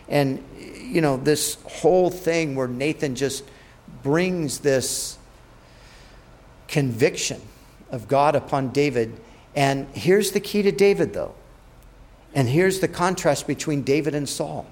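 Man retelling a Bible story in a sermon. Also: slow pace. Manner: animated, acts out quotes with rising and dropping pitch. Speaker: preacher.

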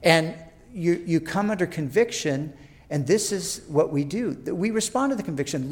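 Conversational male pastor, slightly high voice. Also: expressive, moderate pace. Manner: conversational, acts out prayers and inner dialogue. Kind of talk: sermon.

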